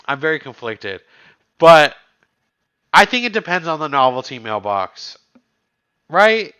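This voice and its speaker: A man's voice: a little high, very animated, a little slow, pushed and bright, smooth. A man co-hosting a podcast, musing and asking questions in casual chat. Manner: musing, chatty, asks questions. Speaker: podcast co-host.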